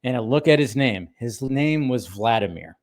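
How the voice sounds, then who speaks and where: A man's voice: mid-range voice, lively intonation, moderate pace, a little mellow. A man in his thirties, rambling casually as he recaps a cartoon episode, laughing often and restarting his sentences. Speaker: podcast co-host.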